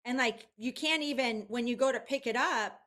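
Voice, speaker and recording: A woman guest in a casual interview, telling an animated story with lots of fillers. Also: a little high, moderate pace. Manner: chatty, animated, many fillers. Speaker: guest, publicist.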